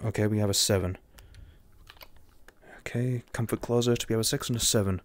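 A young English man commenting jokingly and sarcastically while playing a horror game, getting excited easily. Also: lowish voice, fairly quick, slight background noise. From England. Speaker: gamer.

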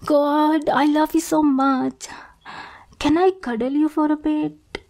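A young woman voicing an obsessive, sweetly possessive stalker girl in a whispered role-play, coaxing and softly menacing. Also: high voice, steady tone, slow. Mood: giddy. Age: young adult. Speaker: roleplay performer.

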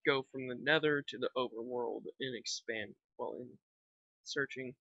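A gaming vlogger, a young man, talks casually while playing, wandering through thoughts with many fillers. His mid-range voice has a sharp tone and normal pace, and the recording from his dull lo-fi home mic is dry.

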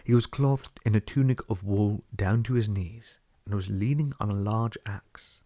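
A man reading a classic fantasy novel aloud as an audiobook narrator, telling the story in a steady, read-aloud way. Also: on the low side, a little slow, dry recording, clean studio sound. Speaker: audiobook reader. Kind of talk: scripted narration.

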